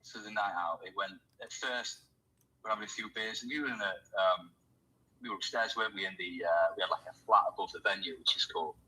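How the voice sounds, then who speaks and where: A man with a husky, slightly breathy voice, hosting a relaxed chat. He tells a story with lively energy and slips into the voices of the people in it. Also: lowish voice, fast, rough recording. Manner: animated storyteller, acts out quoted voices. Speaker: host.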